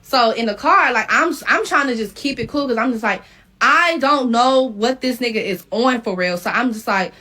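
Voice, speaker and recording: A woman's voice: fairly high pitch, moderate pace. A woman telling a story in a casual, profane way, acting out what people said. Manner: animated, profane, acts out quotes.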